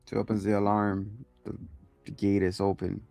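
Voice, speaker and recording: A man's voice: fairly low pitch, completely flat delivery, moderate pace, creaky, mellow, no echo, soft background music. Casual swearing man recapping an episode. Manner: loose, profane, full of acted quotes. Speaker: host.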